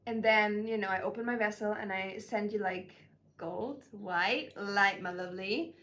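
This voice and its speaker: A young woman channeling spiritual messages in a casual, gushing vlog voice, full of fillers and warm emotion. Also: medium pitch, a little slow.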